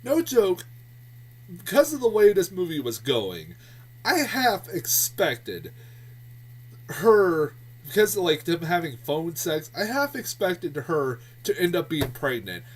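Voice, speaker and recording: A man delivers a casual, foul-mouthed movie review in a heavily exasperated tone, often breaking into laughter. His pitch leaps up and down with animation. His voice sits at a slight distance from the mic. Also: very animated, slow, breathy edge. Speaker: film reviewer.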